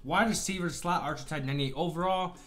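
Upbeat man with slightly high voice. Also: quick pace, a bit bright. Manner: upbeat, chatty, apologizes for slips. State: has the hiccups. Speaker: gaming channel host. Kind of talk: casual video game commentary.

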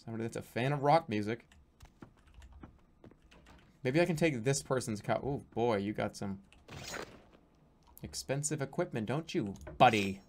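A man's voice: medium pitch, moderate pace, long pauses, a little hiss or hum. A young man giving casual, jokey commentary while playing a video game, easily exasperated. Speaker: streamer. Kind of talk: let's-play commentary.

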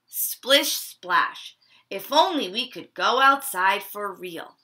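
A woman reading a picture book to children at home, pausing to ask them questions about feelings. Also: mid-range voice. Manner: asks children questions, expressive. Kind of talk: children's story time read-aloud. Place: living room at home.

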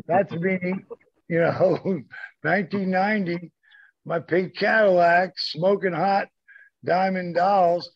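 A gravelly, husky older man spins profane, animated stories as an interview guest and acts out everyone he quotes. His voice is dry and a bit dull. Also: fairly high pitch. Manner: profane, animated storyteller acting out quoted friends. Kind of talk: casual storytelling.

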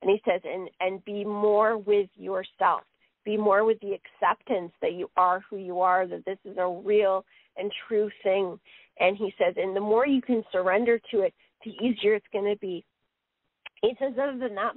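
A woman working as a psychic medium on live radio relays messages in a rambling way, often saying "he says." Her medium-pitched voice moves at a moderate pace with fairly even intonation, heard over a dry phone line with no echo.

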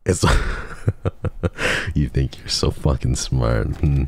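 Deep gravelly man teasing his chat. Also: slow pace, no echo. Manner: teasing, profane, mock-menacing banter with chat. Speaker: streamer. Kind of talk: casual gaming stream chat.

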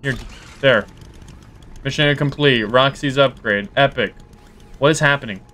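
A man hosting a horror game playthrough, talking casually and reacting loudly, yelping at scares and grumbling when frustrated. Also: medium pitch, measured pace, faint music behind. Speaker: gaming video host. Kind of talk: let's play commentary.

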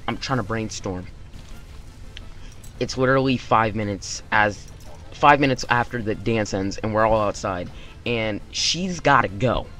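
A young man hosting his channel, telling a story-time tale in an animated way and acting out the quotes. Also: on the low side, moderate pace, soft background music. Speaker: YouTube channel host.

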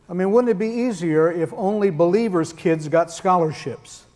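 Guy preaching, chatty and emphatic, dry jokes, fairly high voice but mellow. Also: moderate pace, few pauses. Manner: conversational with dry humor. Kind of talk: sermon.

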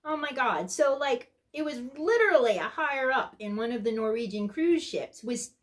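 Woman as a blunt, sarcastic cruise guest-services worker; ranting comic monologue with a lively, swooping, slightly high voice. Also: moderate pace. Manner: sarcastic, ranting, exasperated asides. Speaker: comedy sketch character. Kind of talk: comedic character monologue.

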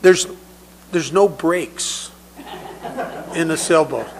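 At a recovery meeting, a man shares personal stories conversationally, frequently repeating words as he restarts his sentences. His voice is slightly high and slow, and the audio quality is poor.

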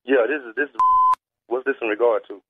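Husky older man on phone. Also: mid-range voice, brisk, dry recording. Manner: defensive, drawling, indignant. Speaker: air conditioner repairman. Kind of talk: phone argument. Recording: tinny phone line.

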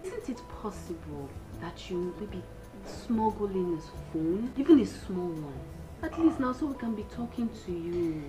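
Actress as chatty Nigerian young woman, coaxing tone, film music clearly under. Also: mid-range voice, lively intonation, measured pace, lightly acted. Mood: playful. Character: playful young woman teasing her seminarian friend. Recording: film audio with loud score.

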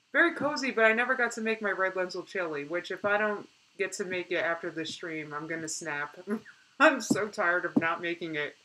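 Bright, chatty woman streamer. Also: on the low side, moderate pace, rough recording. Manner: chatty and animated, laughs often. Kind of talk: casual live-stream chat, reading viewer comments.

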